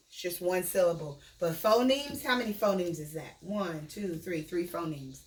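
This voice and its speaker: A woman's voice: fairly low pitch, animated, darkish tone, echoey room, a little hiss or hum. A woman teacher giving a remote phonics lesson to young children, patiently sounding out words and their individual sounds. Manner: patient, encouraging, sounds out phonemes slowly.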